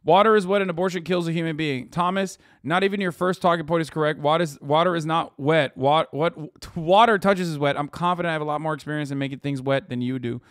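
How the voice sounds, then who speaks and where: A man's voice: fairly high pitch, quick pace, few pauses, dry recording. Sarcastic man hosting a livestream, dry sound. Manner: profane, sarcastic, rambling with restarts. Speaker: livestream host. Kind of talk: casual stream reaction commentary.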